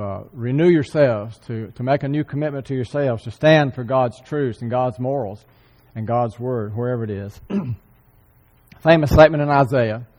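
A man preaching a sermon, earnestly repeating key phrases for emphasis and often clearing his throat. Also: medium pitch, a little mellow. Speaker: church speaker. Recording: long hall reverb.

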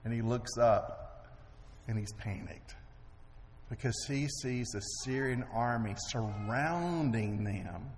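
A man delivers a sermon retelling a scripture story, animatedly acting out the characters' lines and swinging between hushed and loud. His voice is mid-range and slow-paced, with faint music behind him. A long hall reverb colors the recording.

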